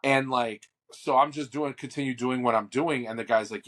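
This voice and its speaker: A man co-hosting a podcast, telling a long story in a casual, animated way, full of fillers and swearing. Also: medium pitch, normal speed, few pauses. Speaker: podcast co-host.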